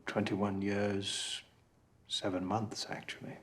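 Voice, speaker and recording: An actor playing a composed, cunning middle-aged male author who speaks in a measured, formal and coolly polite way in a courtroom film drama. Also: fairly low pitch, little pitch movement, a bit bright, slight background noise. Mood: calm. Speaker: crime novelist on trial.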